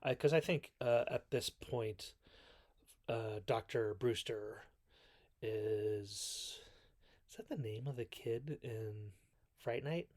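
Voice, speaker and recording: A slightly mellow, medium-pitched male voice talks slowly with long pauses. He's a video host giving a casual recap of classic films, rambling, self-correcting, and quoting characters in put-on voices.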